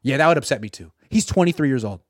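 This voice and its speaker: Talking fast at a medium pitch, a lone male commentator reacts to sports with animated sarcasm, performing pretend quotes from the people in question. The studio-quality recording is dry.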